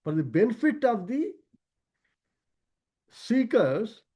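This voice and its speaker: A man lecturing on scripture as a spiritual teacher. He pauses and restarts as he explains, and he stresses key words by raising his pitch. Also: very animated, dark tone, slightly rough.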